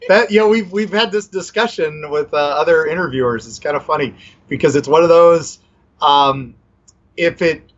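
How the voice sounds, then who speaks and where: A man's voice: fairly high pitch, moderate pace, lo-fi sound. A man, an author guest in a casual interview, talking in a loose, rambling way with many fillers. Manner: rambling, full of fillers and restarts.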